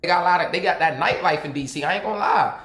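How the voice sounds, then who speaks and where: Brief: Baltimore man, higher voice, relaxed advice, roomy echo on the recording. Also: racing. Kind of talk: casual chat. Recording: echoey room sound.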